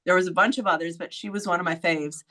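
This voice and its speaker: A woman hosting a podcast, telling a story in a casual, blunt way, swearing freely and acting out quoted voices with sudden high jumps. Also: fairly even intonation, quick pace, bright, forceful tone. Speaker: podcast host.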